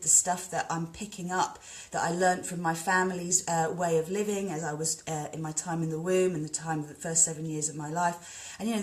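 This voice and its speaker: A woman, a spiritual teacher, talking in a rambling, animated way on a live stream and leading a guided meditation. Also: lowish voice. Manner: animated, rambling, greets viewers. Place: indoors by the sea.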